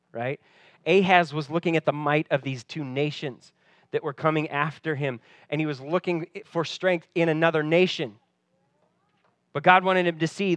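A man preaching a sermon, expressive, dropping to a soft voice when he quotes and rising when he stresses a point. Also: on the high side, no room sound. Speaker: pastor.

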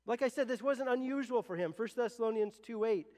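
Fairly quick and a little mellow, this notably high-voiced pastor preaches earnestly and conversationally, frequently doubling back to restart his phrases. His sermon rings out with long reverb in the church sanctuary.

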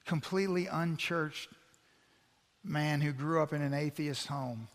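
A middle-aged man, a pastor preaching an animated sermon with sarcastic asides. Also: a little high, a little slow. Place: church sanctuary. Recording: long church-hall reverb.

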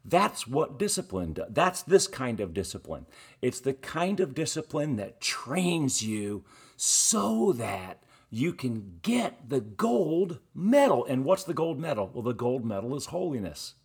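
A man's voice: medium pitch, big pitch swings, a little slow, slightly rough. A middle-aged man preaching a sermon as a pastor, conversational and telling stories, leaning hard on key words.

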